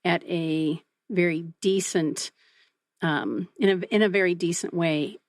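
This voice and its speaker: A woman's voice: on the low side, measured pace, dry recording, clean studio sound. A woman hosting a business radio interview, affirming her guest and asking long, winding questions. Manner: warmly affirming, meandering questions. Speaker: radio show host.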